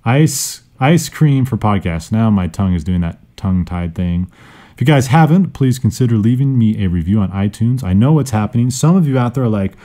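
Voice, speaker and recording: A man hosting a vocabulary podcast, talking in a casual, playful way with bursts of jokes. His voice sits a bit low and sounds mellow and dark. He teaches from a chair at a studio mic. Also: a little fast. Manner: playful, animated teacher, jokes and sudden pitch jumps. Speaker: podcast host. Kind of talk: casual educational podcast monologue. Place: indoors, seated on a squeaky chair. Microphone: studio microphone.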